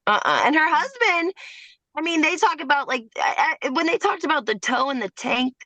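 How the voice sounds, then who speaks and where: Lively, high-pitched woman chatting blunt gossip. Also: normal speed, no room sound. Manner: blunt, animated, slangy. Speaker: podcast co-host. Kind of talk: casual gossip chat.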